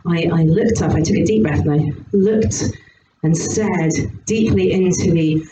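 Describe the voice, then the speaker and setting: A woman from Somerset, England, performing a stand-up set on a comedy club stage with animated, giggly, crude storytelling. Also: lowish voice, unhurried. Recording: echoey club from a distance with noise.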